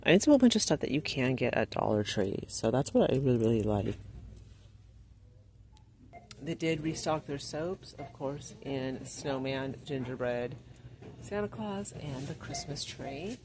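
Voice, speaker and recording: A woman with a very deep, dark-toned voice strolls through a large store at an unhurried pace, her intonation lively and a little background noise present. Chatty and gushing, she narrates her shopping and reads the greetings on cards.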